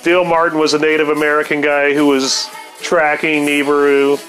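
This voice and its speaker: A man's voice: a little high, level tone, moderate pace, a bit bright, faint music behind. A man telling a rambling, profane story on his podcast, laughing now and then. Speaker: podcast host. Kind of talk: casual storytelling monologue.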